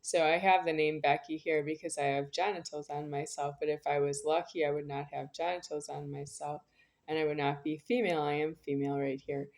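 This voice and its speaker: A woman with a somewhat low-pitched voice talks on in a long rambling monologue. She is insistent and keeps looping back to repeat the same phrases. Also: level tone, a little fast, darkish tone.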